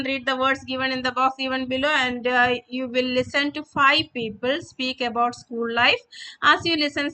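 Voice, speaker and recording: A woman with a high, bright voice, teaching a class. She goes through textbook exercises patiently and poses questions, then answers them herself. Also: low-quality recording. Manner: patient, repeats and rephrases, asks and answers her own questions. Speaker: English teacher. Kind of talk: explaining textbook exercises to students.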